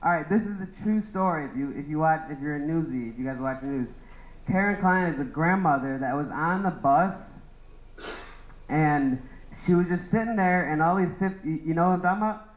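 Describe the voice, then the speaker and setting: A man's voice: fairly high pitch, brisk. Young man roasting friends in echoey room. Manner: rambling, restarts, laughs at own jokes. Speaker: stand-up comedian roasting friends. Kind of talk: open-mic roast set.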